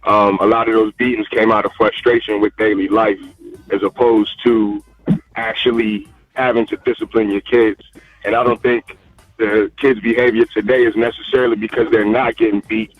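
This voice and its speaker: A man from Tennessee calling into a radio show, speaking in a measured, reflective way. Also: lowish voice, flat delivery, dry recording, soft background music. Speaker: caller. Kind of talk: radio call-in. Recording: dull, dry call-in line.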